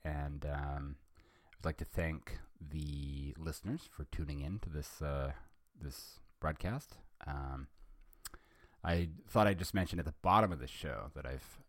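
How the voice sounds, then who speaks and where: A man's voice: a bass voice, measured pace, dry recording, clean studio sound. A man hosting a podcast, reading fan fiction aloud and chatting hesitantly, with many ums and self-corrections. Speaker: podcast host.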